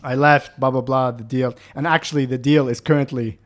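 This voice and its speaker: A man's voice: medium pitch, steady tone, fairly quick. A man co-hosting a casual podcast, telling a story with laughter and acting out other people's lines.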